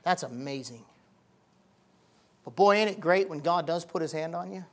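Male pastor, folksy plain-spoken sermon, swings from hushed to fiery. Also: fairly high pitch, normal speed. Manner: folksy preaching that swells from quiet talk to loud, emphatic fervor; colloquial, plain-spoken phrasing.

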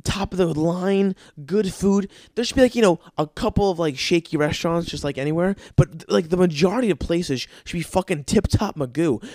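A young man rants on his podcast, swearing nonstop and slipping into sarcastic mocking voices. His voice sits a little high. The recording is dry and close, with no room sound. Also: a little mellow, no echo. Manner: swears constantly, mocks with sarcastic quoted voices. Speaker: podcast host. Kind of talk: profane comedic rant. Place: Los Angeles.

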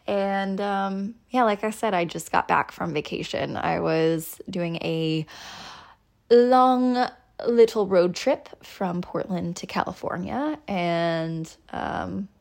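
A woman's voice: fairly low pitch, gravelly. A woman hosting a casual solo podcast, frustrated and close to tears, rambling with many ums and self-deprecating laughs, recorded on an iPhone. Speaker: podcast host.

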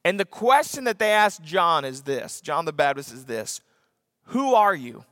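A man with a high voice preaches a sermon, telling the story vividly and acting out voices. He builds to sudden shouts for emphasis. His voice sounds dry up close yet trails off into a long hall reverb. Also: big pitch swings, moderate pace. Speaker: pastor.

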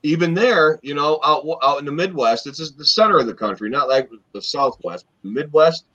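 A man and former wrestler, co-hosting a podcast, telling long stories in a rambling, animated way with lots of fillers. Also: fairly high pitch, fairly quick. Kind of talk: casual storytelling chat. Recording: dull lo-fi podcast audio.

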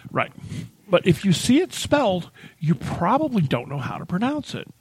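A man's voice: sits high, huge pitch swings, normal speed, husky, no echo. A man co-hosting a podcast, chatting casually and rambling through anecdotes. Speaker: podcast co-host. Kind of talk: casual chat.

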